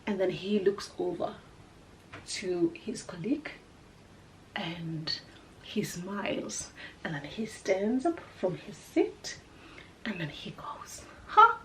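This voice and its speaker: A South African woman whose first language is Sepedi tells a personal travel story in casual chat. She is animated, swings from loud exclamations to hushed asides, and slips into Sepedi mid-sentence. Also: on the low side, takes it slowly, pauses often, slight background noise. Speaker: vlogger telling a personal story.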